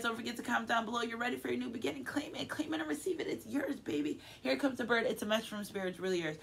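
A woman's voice: on the high side, slight background noise. A woman giving a casual tarot reading to her viewers, effusive and affectionate, often turning emotional and checking in with her audience. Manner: chatty, frequently checks in with "okay?". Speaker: tarot card reader.

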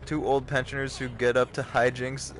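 A young man hosting a livestream, giving casual, jokey gameplay commentary with sudden excited yelps. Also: mid-range voice, moderate pace, slight background noise. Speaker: livestream host.

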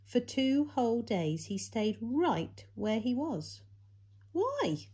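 A woman reading a Bible story to children at a church, with big jumps in pitch and loudness for emphasis. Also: lively intonation, slow pace, husky.

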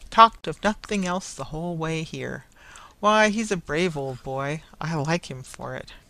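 A narrator playing a jovial, hearty carrier man who talks loudly and warmly. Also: measured pace, rough recording. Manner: loud, hearty and booming.

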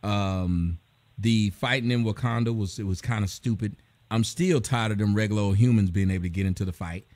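A man's voice: fairly low pitch, a little fast, darkish tone, no echo. A middle-aged man hosting a casual live stream, ranting bluntly and profanely about movies. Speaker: host.

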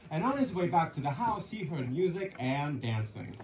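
A man narrating a theatrical parable with an easy, joking manner. His voice sits high and moves around a lot. Open-air reverb and background noise surround him. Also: very animated, normal speed, a little mellow. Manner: playful, folksy asides. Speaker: stage actor narrating. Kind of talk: theatrical storytelling in a musical. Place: outdoor quarry stage. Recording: echoey open-air stage, distant mic, background noise.

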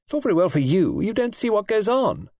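A man's voice: high voice, big pitch swings, brisk, a little mellow, no room sound, voice pushed up. A man reading an audiobook and voicing a petulant, spoiled young wife in a coaxing, sulky, lightly raised voice. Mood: resentful.

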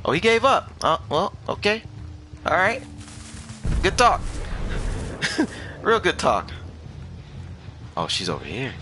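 A man's voice: sits high, huge pitch swings, slow pace, pauses often, sharp tone, slight background noise. A young man giving casual, jokey commentary while streaming a video game, laughing often and trash-talking the game. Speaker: gaming streamer.

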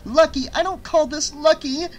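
A man's voice: extremely high pitch, moderate pace, soft background music, pitched above the performer's own voice. A man voicing a frightened, whiny young woman who wails miserably. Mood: panicked. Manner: wailing, miserable.

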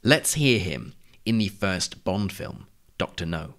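A man hosting a podcast, narrating a scripted lesson in a clear, measured, explanatory way. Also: low voice, expressive, a bit bright. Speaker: podcast host.

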